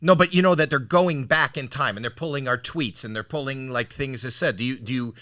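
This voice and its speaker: A male host with a bright, forceful voice asks probing questions and drops in quick agreements. The sound is close and dry, with no room around it. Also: medium pitch, dry recording. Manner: probing, interjects short agreements. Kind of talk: interview questions.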